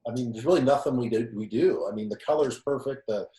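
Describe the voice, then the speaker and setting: Man, photographer guest, chatty, laughs at himself, middle pitch, roomy echo. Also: fast, warm tone. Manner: chatty and self-deprecating, often laughing. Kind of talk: webinar round-table discussion. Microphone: video call. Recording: echoey room.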